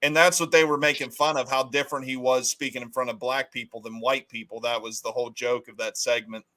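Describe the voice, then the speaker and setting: A man's voice: medium pitch, steady tone, fairly quick, pushed and bright. A man hosting a casual political livestream, talking bluntly and arguing his opinions. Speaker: livestream host.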